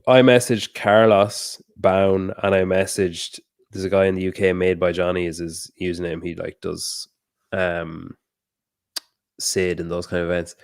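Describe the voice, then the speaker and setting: A man's voice: low voice, flat delivery, a little slow, gravelly, no echo, clean studio sound. A man with an Irish accent from the north of Ireland, co-hosting a podcast in a loose, swearing, casual chat. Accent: Irish, Donegal area. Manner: laid-back, swears freely, trails off and restarts. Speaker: podcast co-host.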